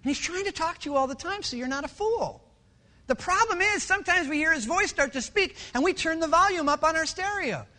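Energetic male pastor, bright and high-pitched, animated preaching. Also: fairly quick. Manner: animated storytelling, jumps into voices. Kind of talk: sermon.

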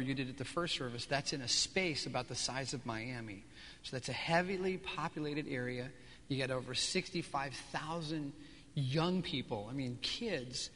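A man's voice: medium pitch, a bit bright. A man as pastor interviewing missionaries at a church service, conversational and playfully teasing. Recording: long reverb of a large hall.

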